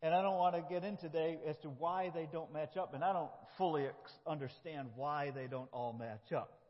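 A man's voice: on the high side, normal speed. A middle-aged man from upstate New York, a pastor preaching a folksy, self-deprecating sermon with frequent laughs in a church. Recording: dull lo-fi sound with long hall reverb.

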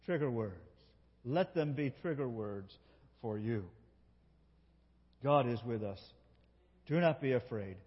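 A man preaching a sermon as a pastor, telling a story and swinging between loud emotional peaks and soft, quiet passages. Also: mid-range voice, expressive, slow pace, long pauses, breathy edge, big-room sound, dull audio. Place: church.

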